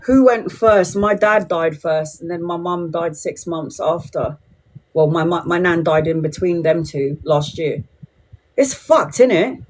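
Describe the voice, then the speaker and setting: A woman's voice: on the low side, a little slow. A woman, chatting bluntly and swearing freely with viewers as a tarot reader on a livestream. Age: 40s. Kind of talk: casual livestream chat to viewers.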